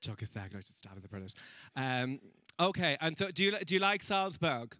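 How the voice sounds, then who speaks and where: Bright-voiced stand-up comedian. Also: male voice, on the high side, big pitch swings, no echo. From Ireland. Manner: chatty, self-mocking, quick asides to the crowd. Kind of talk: live stand-up set with crowd work. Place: comedy stage before a live audience.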